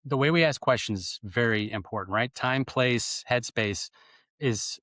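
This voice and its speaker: A man's voice: medium pitch, measured pace, fairly bright tone, dry recording. A man who is a guest on a podcast interview, explaining ideas plainly and using spoken examples. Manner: explanatory, gives examples by stressing words.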